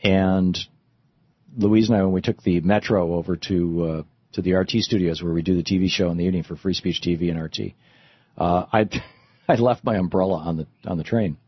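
A man's voice: deep voice, fairly even intonation, fairly quick, breathy edge, no echo, lo-fi sound. A middle-aged man hosting a talk radio monologue, rambling with frequent restarts and fillers. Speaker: radio host.

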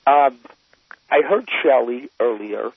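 Husky man in his forties on a phone line. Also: mid-range voice, slow, no echo. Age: 40s. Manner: chatty, friendly, rambling. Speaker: caller. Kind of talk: casual phone call to radio show.

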